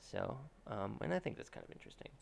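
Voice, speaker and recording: A man's voice: fairly low pitch, sing-song, quick pace, vocal fry, a little hiss or hum. A young man streaming himself drawing, chatting casually and thinking aloud with lots of restarts. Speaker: artist streaming a drawing session. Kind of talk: casual commentary while drawing.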